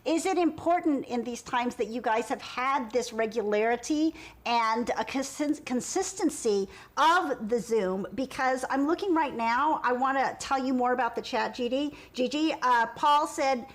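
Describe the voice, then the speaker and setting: A woman's voice: on the high side, measured pace, few pauses. A woman hosting a live stream, bubbly and exclamatory, reading out viewer comments.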